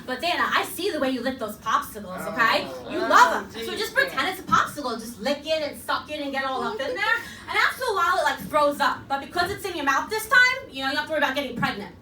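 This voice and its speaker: A woman's voice: high-pitched, big pitch swings, quick pace, hardly any pauses, exaggerated voice. A woman voicing a blunt middle-aged mom who lectures her daughter in a frank, matter-of-fact way, heard from a stand-up stage. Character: blunt middle-aged mom giving a crude sex talk. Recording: echoey club, distant mic, loud crowd.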